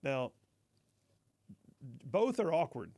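A man's voice: fairly high pitch, big pitch swings, extremely slow, mellow, husky. A man hosting a talk radio show, chatting wryly, reading listener texts and laughing along. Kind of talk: casual talk radio commentary.

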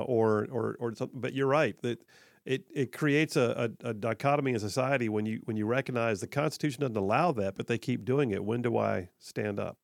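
A male talk radio host with a drawl delivers opinionated commentary in a conversational way. He hammers his points home by repeating them. His voice is mid-pitched and sounds close and dry. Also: gravelly, dry recording.

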